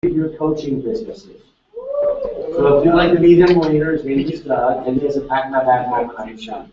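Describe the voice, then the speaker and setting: A man's voice: fairly high pitch, big pitch swings, moderate pace, mellow. A man presenting a live seminar, energetically quizzing his audience and urging them on. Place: large seminar hall. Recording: echoey room, distant lo-fi mic.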